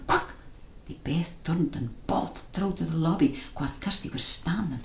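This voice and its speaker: A woman with a Scots accent reading a children's story in dialect, in a hushed, tense way. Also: fairly low pitch. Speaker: narrator. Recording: roomy echo.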